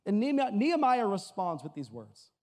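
A male pastor from Massachusetts preaching a sermon, telling a story with a joking, energetic delivery. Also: sits high, a little fast. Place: church hall before an audience. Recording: hall with long reverb.

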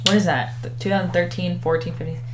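A woman's voice: lowish voice, steady tone, fast, a little hiss or hum. A woman co-hosting a casual podcast, teasing her partner and swearing freely. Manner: teasing, swearing, laughing often. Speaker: podcast co-host. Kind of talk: casual chat.

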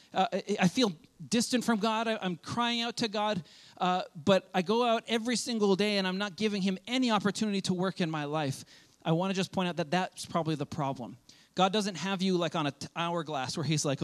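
A man, a pastor, preaching a sermon in a loose, conversational way, acting out quick quoted asides. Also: high-pitched.

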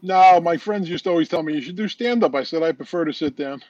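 A man tells long rambling stories, restarting his sentences as he goes. His voice sits a little high and comes through dull and dry, like remote call audio. He is a podcast guest in casual chat. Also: fast talker, darkish tone, dry recording. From Long Island, New York. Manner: rambling joke-telling with restarts. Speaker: guest, competitive eater.

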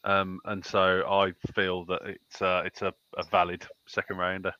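Low, bright-voiced man joking on a podcast. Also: monotone, moderate pace, dry recording, muffled recording. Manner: giggly, joking. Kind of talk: casual podcast banter.

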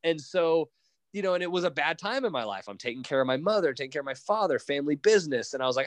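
A man's voice: on the high side, fast, no room sound. A man telling a personal story in a casual interview, acting out bits of dialogue and restarting sentences often. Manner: animated, quotes dialogue, frequent restarts. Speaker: interview guest.

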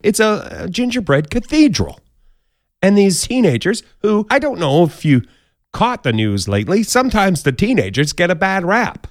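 A man's voice: sits high, sing-song, moderate pace, no echo. A man hosts a comedic podcast countdown, and his voice leaps up and down all the time. He talks casually and fills the stories with playful asides. The sound is dry and close to the mic. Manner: jokey, playful asides, bouncy delivery. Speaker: podcast host.

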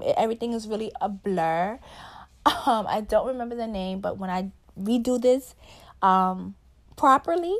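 A young woman talking casually and candidly about a hard personal experience, with many fillers, some laughter, and emotion showing through. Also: mid-range voice. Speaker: podcast host.

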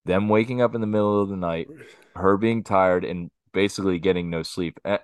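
A man co-hosting a podcast who tells family anecdotes in a casual, animated way. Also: sits low, brisk, clean tone, no echo, studio quality. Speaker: podcast co-host. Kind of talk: casual storytelling chat.

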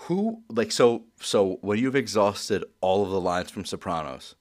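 A man with a fairly low voice hosts a casual podcast chat. He rambles, circling his point with fillers and restarts. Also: expressive, unhurried. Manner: rambling, full of likes and restarts.

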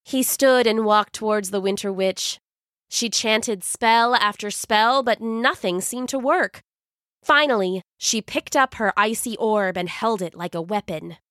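A woman narrating a children's story in a slow, expressive storytelling manner. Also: mid-range voice, no echo, studio quality. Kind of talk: scripted narration.

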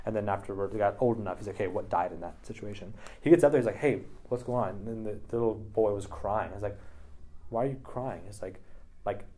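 A man's voice: lowish voice, quick pace, warm tone. Chatty man leading a Bible study. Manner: chatty, many "like" and "right?" tags. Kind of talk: casual teaching discussion.

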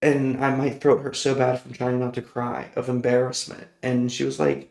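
A man's voice: medium pitch, level tone, fairly quick, vocal fry, few pauses, darkish tone. A man hosting a personal storytelling podcast, rambling and correcting himself as he goes, laughing often. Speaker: podcast host. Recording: roomy echoey recording.

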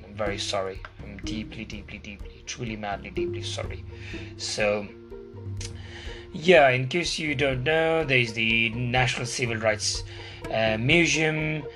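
Low-voiced young man rambling over guitar. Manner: rambling, digressive, jokey and self-deprecating. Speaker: video host. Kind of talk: casual talk to camera. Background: guitar music.

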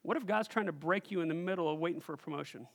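A pastor preaches an animated sermon, calling out questions to his congregation and acting out the voices of those he quotes. His voice is fairly high and he talks very fast.

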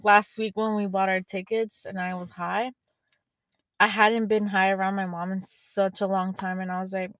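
A young woman podcast host telling casual stories with lots of swearing, animated and chatty. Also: medium pitch, moderate pace, no echo. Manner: swears a lot, animated storytelling. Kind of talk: casual chat.

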